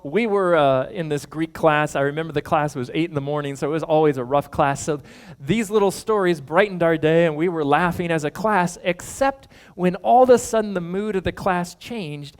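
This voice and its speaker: A man preaching a sermon, spinning a story with animated delivery. He slips into the voices of the people he quotes and chuckles as he goes. His speaking voice sits a little high for a man. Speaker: pastor.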